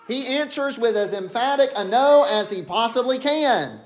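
A man preaching an expository sermon, emphatic, slowing down to stress key phrases. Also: very high-pitched, animated.

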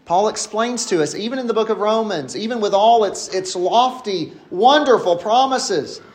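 A man with a high-pitched, expressive voice delivers an emphatic expository sermon, slowing down to stress key phrases.

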